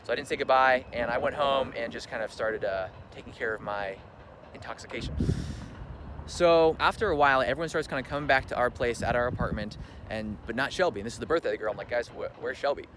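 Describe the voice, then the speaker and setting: In a casual vlog, a young man recounts something that happened to him, speaking quickly at a medium pitch. His talk is chatty and packed with "like," he voices the people he quotes, and the background ambience is loud.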